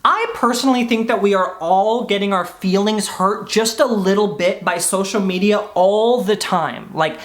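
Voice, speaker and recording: A man losing his voice, hoarse and squeaky, in a sarcastic, rambling comedic vlog monologue. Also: moderate pace, hardly any pauses, fairly bright tone. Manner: sarcastic, rambling, self-mocking. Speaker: comedy vlogger.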